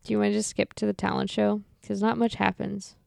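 A woman co-hosting a podcast, giving opinionated views in a casual movie review chat with quick wry remarks. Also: medium pitch, flat delivery, creaky, a little mellow, no room sound, clean studio sound. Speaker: podcast co-host.

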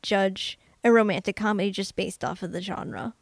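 A woman's voice: medium pitch, steady tone, normal speed, vocal fry, dry recording, studio quality. A woman co-hosting a podcast in casual chat who laughs easily. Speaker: podcast co-host.

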